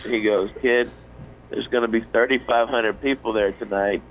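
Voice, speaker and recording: A man's voice: mid-range voice, steady tone, moderate pace, phone-quality sound, slight background noise. A man in his forties, a comedian, telling a rambling story on a radio show, full of fillers and restarts. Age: 40s. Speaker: comedian guest.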